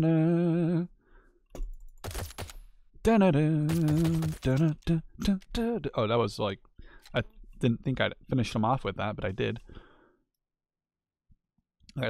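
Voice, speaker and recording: A man commenting on his own gameplay in an easy, chatty way, drifting into small rants and filling pauses with ums and likes. His voice sits at an ordinary middle pitch, and the recording is dry and close with no room sound. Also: dry recording. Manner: chatty, rambling, mildly ranting with many fillers.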